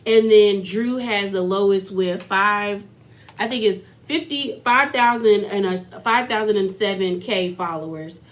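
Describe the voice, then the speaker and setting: A woman's voice: mid-range voice, unhurried. A woman vlogger giving a casual, chatty recap of a reality show, full of fillers and laughter.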